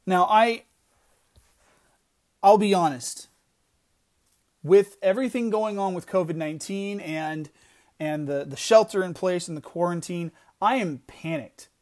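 A man's voice: high voice, unhurried, pauses often. A middle-aged man giving an earnest devotional talk, emphatic, often restarting his phrases. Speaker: podcast devotional speaker.

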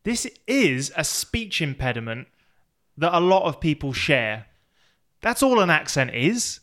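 A man in a casual chat who jokes and jumps in quickly with comments. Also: on the high side, sing-song, a bit bright. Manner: joking, quick to interject.

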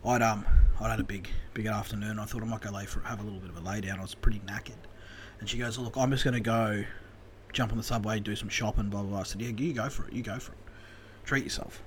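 A man with an Australian accent, telling casual stories as a podcast co-host, animated and swearing freely. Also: fairly low pitch, quick pace, slight background noise. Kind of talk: casual storytelling chat.

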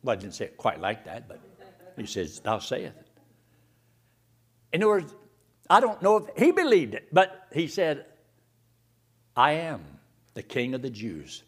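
A male preacher delivering a sermon, firing rhetorical questions and reading scripture slowly, swinging between loud emphasis and hushed tones. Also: mid-range voice, huge pitch swings, slightly rough. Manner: reads scripture slowly and deliberately.

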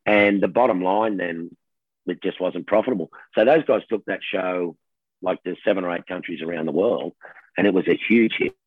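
A middle-aged Australian man, a television host, telling stories in a lively casual chat and laughing often. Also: low-pitched, moderate pace, no echo. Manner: animated storyteller, laughs often, says mate. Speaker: TV host guest. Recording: tinny phone line, dry.

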